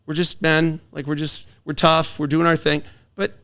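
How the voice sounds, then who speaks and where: A middle-aged divorce attorney chats casually as a podcast guest, his slightly high voice clear and resonant at a moderate pace. He tells stories with animation, performing the voices of the people he quotes.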